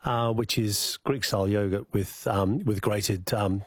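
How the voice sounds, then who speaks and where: Husky Scouse man talking cooking tips. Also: lowish voice, fairly even intonation, unhurried. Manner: chatty, restarts often, gives practical tips. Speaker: guest chef. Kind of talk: casual radio cooking segment.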